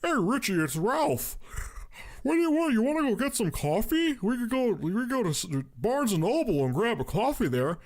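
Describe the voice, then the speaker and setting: A clingy male stalker on the phone, pitched high and sounding wheedling and overly familiar, as a man puts him on while telling a story. He never takes no for an answer and keeps pestering. The voice sits well above a normal man's speaking pitch. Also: very animated, moderate pace. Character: creepy, clingy adult male stalker caller.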